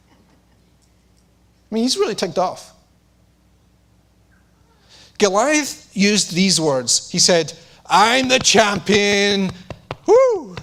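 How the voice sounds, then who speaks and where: A man preaching a sermon, who acts out the lines of the characters and drops to a low, intense voice to press a point.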